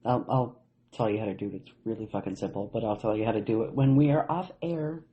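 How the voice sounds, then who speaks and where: A man's voice: lowish voice, quick pace, lo-fi sound. A man from Canada co-hosting a casual podcast, blunt and joking, with plenty of swearing. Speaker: podcast co-host. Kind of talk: casual podcast chat, reading quotes.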